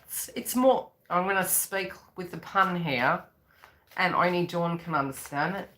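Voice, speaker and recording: A woman's voice: lowish voice, measured pace, a bit bright. A woman psychic reader on a live stream, chatting in a rambling way and acting out the voices she quotes.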